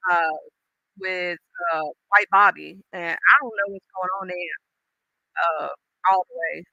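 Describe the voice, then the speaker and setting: A woman's voice: mid-range voice, creaky, sharp tone, no echo. A woman hosting a livestream, chatting casually and gossiping with viewers, greeting commenters by name with slangy asides. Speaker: livestream host.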